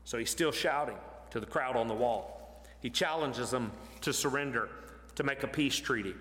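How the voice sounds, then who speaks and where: A man preaching an expository sermon, animated and emphatic, pushing his voice up to stress points. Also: mid-range voice, normal speed. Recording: long hall reverb.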